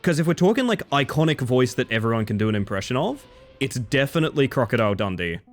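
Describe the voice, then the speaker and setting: A man's voice: mid-range voice, big pitch swings, fast talker, soft background music. A man streaming a racing game, chatting and joking with his viewers as he plays. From Isle of Man and Australia. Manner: chatty, jokey, reacting to chat. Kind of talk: casual gaming commentary.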